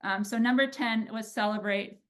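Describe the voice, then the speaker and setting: A woman in her thirties, a pitching coach, giving an energetic coaching talk and often checking in with "right?". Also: moderate pace. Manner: energetic, animated, peppered with "like" and "right?".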